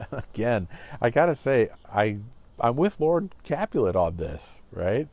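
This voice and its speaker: A man giving a casual lecture on a play, talking in an animated way with stumbling repeats and frequent "right?". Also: mid-range voice, slow.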